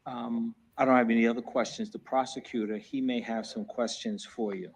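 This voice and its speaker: A man with a New Jersey accent questioning a witness in a courtroom, hurried and friendly. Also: medium pitch, steady tone, breathy edge. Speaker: defense attorney.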